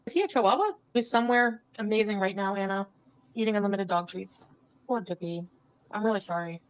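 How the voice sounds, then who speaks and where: A woman from Canada chatting casually on a livestream, reading viewers' comments and answering them softly. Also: medium pitch, a little fast, smooth, poor audio. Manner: soft, sympathetic, reads out viewer names. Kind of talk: casual live-stream chat.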